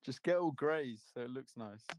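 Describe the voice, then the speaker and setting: A man's voice: mid-range voice, expressive, normal speed, rough recording. Male teammate on voice chat, dry teasing tone, casual gaming banter. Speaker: fellow player on voice chat.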